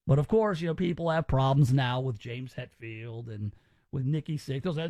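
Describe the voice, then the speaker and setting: A man's voice: mid-range voice, normal speed, mellow, dry recording. A man hosting a talk radio show, chatting casually and rambling with restarts.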